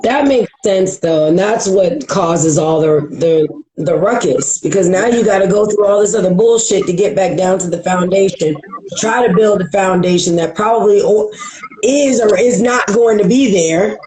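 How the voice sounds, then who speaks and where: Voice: mid-range voice, normal speed, slight background noise. Easygoing podcast host, mid-range voice, casual questions, echoey room sound. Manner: relaxed, agreeing, asks questions. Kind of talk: casual chat.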